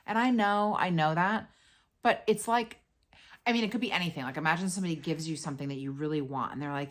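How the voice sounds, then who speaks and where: A tired woman hosting her podcast, telling a story in a blunt, profane, animated way. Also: low-pitched, fast talker. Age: adult with a young daughter. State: tired and worn out. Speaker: podcast host. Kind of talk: casual venting monologue.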